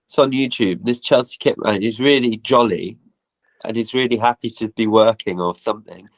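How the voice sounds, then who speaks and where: A man's voice: on the low side, moderate pace, no room sound, poor audio. A man from Carlisle, a musician guest, chatting casually and telling a story in a self-deprecating way over a video call. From Carlisle, England. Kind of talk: casual chat.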